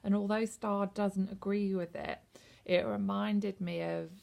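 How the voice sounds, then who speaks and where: A British book vlogger in her thirties reviews a book on camera, rambling and hesitant with lots of ums. Her medium-pitched voice is gravelly and a little mellow, with fairly even intonation and an unhurried pace.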